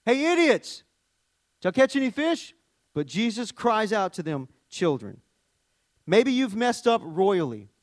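A man preaches a sermon in a high, bright-pitched voice. He sinks to hushed, tender lows, then climbs to loud, emphatic peaks and asks the congregation questions. The sound is dry and close, with little room echo. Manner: talks to the congregation, asking questions. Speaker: pastor.

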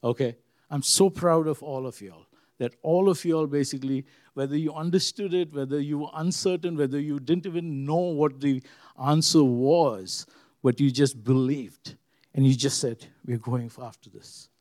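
Man, pastor, sermon, earnest, repeats phrases, mellow dark tone, dry close sound. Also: on the high side, normal speed, dry recording. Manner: earnest, rises loud then drops quiet, repeats phrases.

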